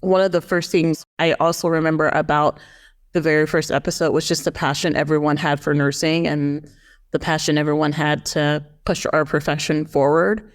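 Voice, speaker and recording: A woman nurse co-hosting a podcast, chatting in a relaxed way and laughing easily. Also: sits low, moderate pace. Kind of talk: casual podcast chat.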